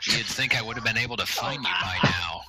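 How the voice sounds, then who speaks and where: A man's voice: on the low side, fairly quick, music in the background, voice pushed up, close to an everyday voice, low-quality recording. A man voicing a sardonic male ranger who makes dry, mocking jokes.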